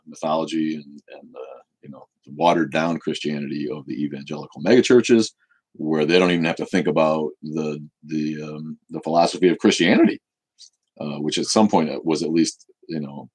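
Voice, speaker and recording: An American show host with a very deep, husky voice takes questions during a live-stream Q&A chat. He's blunt, opinionated, and profane.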